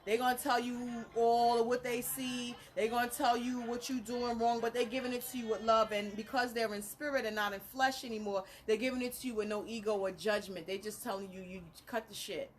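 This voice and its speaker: A woman, a spiritual reader talking casually to her viewers, animated and blunt, laughing through her stories. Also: fairly high pitch, fairly quick, few pauses, slight background noise. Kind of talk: casual live talk to viewers.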